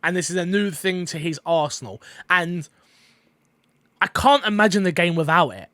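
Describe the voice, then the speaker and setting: A man co-hosting a casual podcast chat, rambling and excitable with lots of fillers, eating while he talks. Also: high-pitched, moderate pace, no echo. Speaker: podcast co-host.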